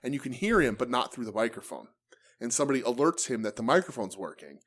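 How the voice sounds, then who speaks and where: Male podcast co-host, casual and profane, animated storyteller. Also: mid-range voice, quick pace. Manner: profane, animated, mimics promos. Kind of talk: casual wrestling chat.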